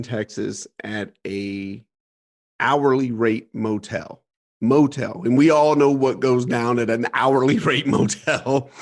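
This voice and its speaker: A man telling a painful childhood story as a podcast guest, earnest and emphatic, laughing through hard memories. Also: mid-range voice. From Ohio, USA. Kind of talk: candid storytelling interview.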